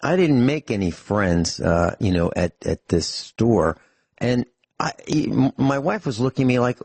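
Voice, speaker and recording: A man's voice: mid-range voice, very animated, unhurried, vocal fry, darkish tone, breathy edge, dry recording. A middle-aged man co-hosting a radio talk show, telling rambling stories with dry humor and frequent restarts. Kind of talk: casual radio chat.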